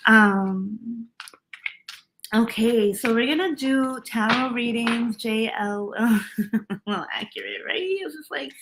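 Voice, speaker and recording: A woman's voice: medium pitch, a bit bright. A woman hosting a tarot reading livestream, chatting casually, laughing often and greeting viewers by name.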